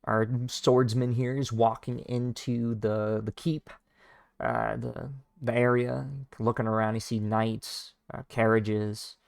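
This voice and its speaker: A man casually reading a comic aloud, describing the panels in an informal, halting way with many fillers. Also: mid-range voice, level tone, vocal fry, smooth, no room sound, studio quality. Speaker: read-along narrator. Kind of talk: casual read-along of a comic.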